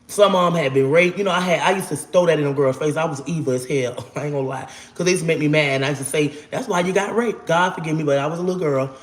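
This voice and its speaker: A woman's voice: low-pitched, very fast, few pauses. A woman in her forties tells a long personal story straight to camera, swearing to God and calling out to her viewers. Her talk is emphatic and casual. The sound rings with a roomy echo. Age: 40s. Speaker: storyteller vlogger. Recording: echoey room.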